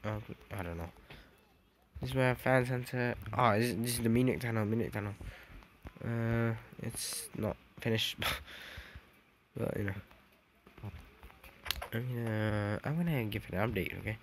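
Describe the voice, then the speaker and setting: A man's voice: mid-range voice, unhurried, long pauses. A young man giving a rambling, self-correcting walkthrough of a game build, saying "dude" often. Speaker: gaming vlogger. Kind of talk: casual game walkthrough commentary. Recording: noisy background hiss with clicks.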